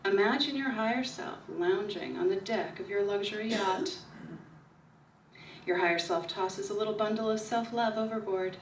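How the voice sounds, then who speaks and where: A woman giving a calm, repetitive spiritual talk at her book signing, slowing down to stress key ideas. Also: mid-range voice, a little hiss or hum. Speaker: author speaking at a book signing. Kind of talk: spiritual talk to a small audience. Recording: echoey room recorded from far off.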